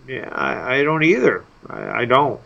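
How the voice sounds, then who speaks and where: A man's voice: mid-range voice, very animated, normal speed, creaky, bright, forceful tone, muffled recording. A man co-hosting a casual live sports talk stream, teasing his partner with wisecracks.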